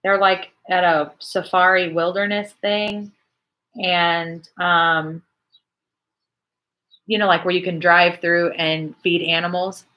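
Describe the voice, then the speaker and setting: A woman in her forties hosts a casual church livestream chat, reading viewer comments and chatting in an animated way. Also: fairly low pitch, slow pace, lo-fi sound.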